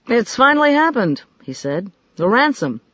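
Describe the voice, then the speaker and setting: Fretful, eager young-sounding assistant, higher voice, voiced by a male narrator, dull audiobook audio. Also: sing-song, moderate pace, fairly bright tone, no room sound, exaggerated voice. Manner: eager, irritable, questioning.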